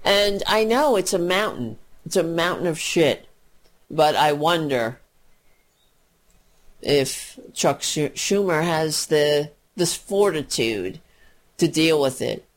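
A woman ranting about politics in a casual, profane, sarcastic way, mocking others in quick put-on voices. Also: low voice, lively intonation. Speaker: political commentator.

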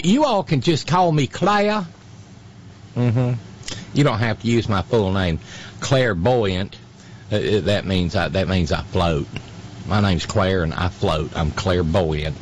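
A man hosting a radio talk show, talking in a halting way full of fillers and restarts, with sardonic asides. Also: on the low side, a little hiss or hum. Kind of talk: casual on-air commentary.

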